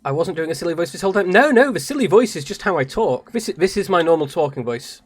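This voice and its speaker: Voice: medium pitch, animated, fast talker, slightly rough. A British streamer chatting casually and self-mockingly during a live game stream, laughing often. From Britain. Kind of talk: live game stream with read-aloud voices.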